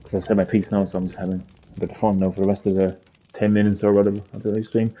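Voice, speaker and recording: A man's voice: fairly low pitch, level tone, rapid-fire, highs cut off, slight background noise. A man live streaming a heated gaming rant, swearing a lot and repeating his points with emphasis.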